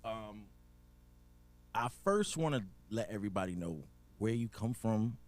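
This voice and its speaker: A man hosting a casual interview, relaxed and steering the talk with questions. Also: on the low side, a little slow. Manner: relaxed, prompting questions, laughs along. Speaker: podcast host.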